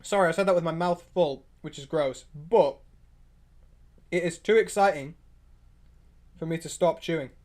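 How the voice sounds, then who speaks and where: Reacting to comments from his viewers, a high-voiced male streamer keeps the casual chat rolling with lots of excitement. He wanders from one opinion to the next, restarting quickly and tossing in eager asides.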